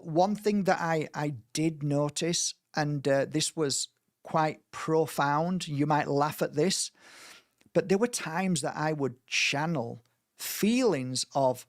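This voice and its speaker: A man's voice: a little high, no echo, studio quality. A man leading a spiritual healing workshop, talking earnestly in a rambling way with many restarts. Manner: earnest, rambling, with frequent restarts and mimicked voices. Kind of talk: informal spoken workshop talk.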